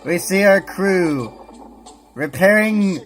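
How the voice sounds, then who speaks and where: A man's voice: sits high, animated, takes it slowly, soft background music. A man giving a sarcastic, profane comedic review, ranting over clips.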